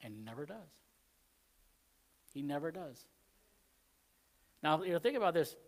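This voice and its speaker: A man's voice: on the high side, big pitch swings, measured pace. A man with a Southern American accent preaching a sermon in a conversational way, acting out the quoted lines. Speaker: pastor.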